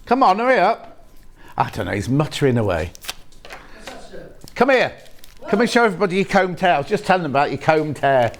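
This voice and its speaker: A man's voice: on the high side, big pitch swings, brisk, pauses often, a little hiss or hum. A man hosting a live shopping channel show, chatting, joking with the crew and reading out viewer messages. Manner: chatty, jokey, reads viewer messages aloud. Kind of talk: live TV sales chat. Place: TV studio.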